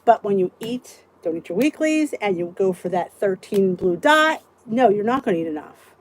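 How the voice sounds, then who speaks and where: A woman's voice: mid-range voice, lively intonation, moderate pace, a little hiss or hum, poor audio. A woman in her fifties hosting a casual live support chat, ranting and talking straight to her viewers, greeting them by name. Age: 50s.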